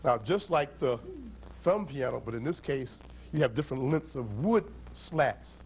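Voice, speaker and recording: A man's voice: mid-range voice, a little slow, a little hiss or hum, rough recording. A man teaching children about instruments and storytellers at a library, drawing them into call-and-response chants. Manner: lively, draws audience into chants. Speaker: storyteller and musician. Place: library event.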